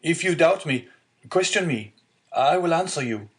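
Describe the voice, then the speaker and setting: A man's voice: mid-range voice, normal speed, pitched above the performer's own voice, natural voice. A man voicing an honest, earnest young male sailor in an audiobook, sincere and eager. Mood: pleading.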